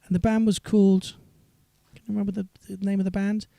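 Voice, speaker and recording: A man's voice: high voice, flat delivery, quick pace, gravelly, mellow, dry recording. A singer-songwriter man chatting on a live stream between songs, rambling and reading viewer comments aloud.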